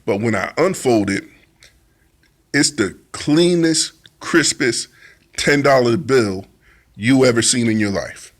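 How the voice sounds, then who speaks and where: A man's voice: mid-range voice, lively intonation, slow pace, long pauses. A man telling a personal testimony in a vivid storytelling way, acting out his own side of an argument in plain informal speech. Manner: informal speech with dialect grammar. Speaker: testimony speaker.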